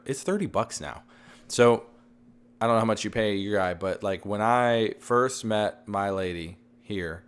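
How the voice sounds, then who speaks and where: Man in his 30s, deep voice, fading hoarse-ish voice, rambling casual talk, headset mic. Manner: rambling, loud, says he is yelling and redlining. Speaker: podcast co-host. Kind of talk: casual chat.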